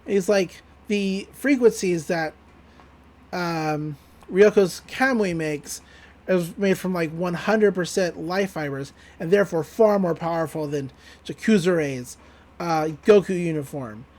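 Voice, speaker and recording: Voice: mid-range voice, measured pace. Casual, profane podcast co-host; recaps scenes, acts out the characters' lines. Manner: retells scenes, quoting characters in lively voices; loose and profane, laughing often.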